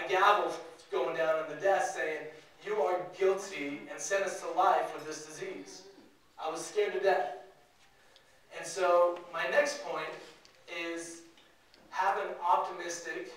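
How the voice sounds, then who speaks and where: A man's voice: fairly high pitch, a bit bright. A man in his twenties giving a motivational talk, telling a personal story and acting out the voices of people in it. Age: 20s. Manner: storytelling, acts out quoted voices. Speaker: motivational speaker. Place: conference hall. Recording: echoey hall, mic from far off.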